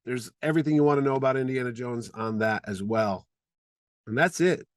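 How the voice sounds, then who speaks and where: A man's voice: mid-range voice, brisk, no echo. Opinionated ranting man, dry close sound. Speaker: podcast co-host. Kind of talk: casual chat.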